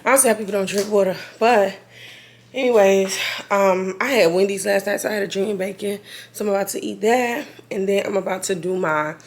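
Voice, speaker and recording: A woman, chatting casually to camera as a vlogger in a rambling way full of slang, her voice a little hoarse. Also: mid-range voice, steady tone, a little fast. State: slightly hoarse after being sick.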